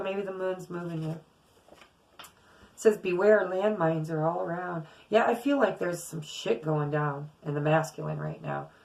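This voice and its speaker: A middle-aged tarot reader gives her viewers a casual, earnest reading, often repeating words for emphasis. Her voice is fairly low and creaky, and the audio quality is poor.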